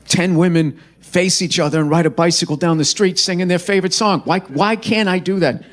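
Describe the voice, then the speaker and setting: A man performing a profane, mocking stand-up comedy rant at a live show. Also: sits high. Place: live comedy venue with audience.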